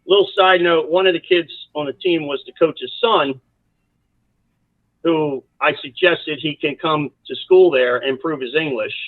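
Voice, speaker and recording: On a tinny, phone-like line with a dry sound, a college soccer coach spins rambling tales as a podcast guest. He speaks at a measured pace in a slightly high voice, animated and prone to frequent asides.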